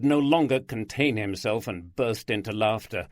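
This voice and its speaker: A man narrating a crime audiobook in a measured, even storytelling manner. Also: lowish voice, no echo, studio quality.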